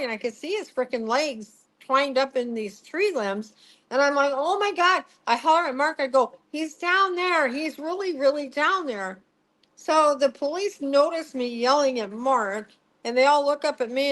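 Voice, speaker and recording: Brief: middle-aged woman, slightly high voice, salty and animated storyteller in an interview. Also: poor audio. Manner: swearing, laughing, acting out quotes. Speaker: psychic medium guest.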